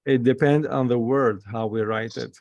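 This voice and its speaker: A man's voice: medium pitch, fairly even intonation, moderate pace, darkish tone, dry recording, muffled recording. A man teaching a Hebrew class over a video call, patiently spelling out letters and vowels.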